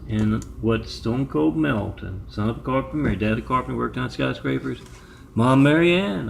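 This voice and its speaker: A video maker with a mid-range, gravelly voice talks fairly quickly with lively intonation, over a faint hiss or hum. His monologue rambles and digresses, and he often pauses to spell out numbers and web addresses letter by letter.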